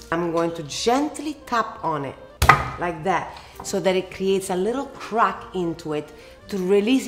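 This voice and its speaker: A woman from Italy with an Italian accent, hosting a casual cooking tutorial and answering questions in an expressive, emphatic way. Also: fairly low pitch. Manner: expressive and emphatic, lingers on words. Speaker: cooking show host.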